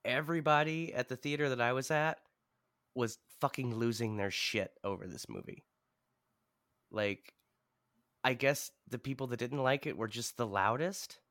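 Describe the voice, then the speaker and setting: A man co-hosting a casual movie podcast, talking in a loose, profane way and building his stories up with gusto. His voice sits at a middling pitch and sounds close and dry, with no room around it. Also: normal speed, dry recording. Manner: profane, animated storyteller. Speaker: podcast co-host. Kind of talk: casual chat.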